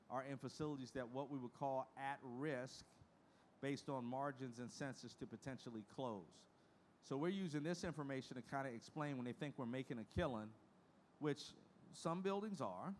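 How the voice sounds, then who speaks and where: A man's voice: medium pitch, slight background noise. A man in his fifties giving a conference keynote as the head of an industry association, speaking frankly in a folksy way and moving from statistics into personal stories. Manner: frank, folksy, emotional storytelling. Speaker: association leader giving a presentation. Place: conference stage.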